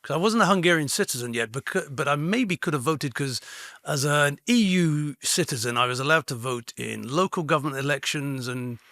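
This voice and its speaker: Male co-host, animated storyteller who does voices, crisp bright timbre, gravelly edge. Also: a little high, a little fast, no room sound, studio quality. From Britain. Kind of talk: casual chat.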